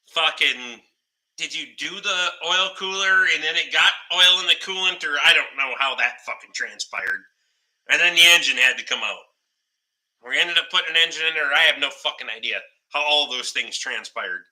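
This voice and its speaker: A man spins rambling workshop stories in loose podcast chat, cursing at every turn and chuckling along. His voice sits a little high and rings very bright and forceful. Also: rough recording. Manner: profane, rambling, swears constantly; laughs through his stories. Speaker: podcast host. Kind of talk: casual storytelling chat.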